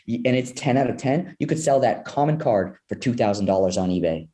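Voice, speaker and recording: A young man, a podcast guest, telling an animated story and acting out his own past reactions. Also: mid-range voice, fairly quick. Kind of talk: energetic storytelling.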